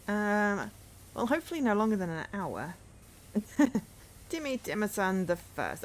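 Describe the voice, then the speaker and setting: A woman's voice: mid-range voice, big pitch swings, a little slow, pauses often, a little hiss or hum. A woman game streamer chatting casually with her viewers, rambling with lots of fillers and easy laughs. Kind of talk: casual gameplay chat.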